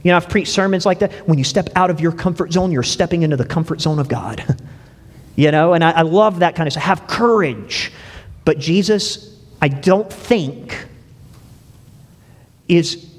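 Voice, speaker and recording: Chatty preacher man in a reverberant church. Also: on the high side. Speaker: pastor. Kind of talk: sermon. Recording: long reverb of a church hall.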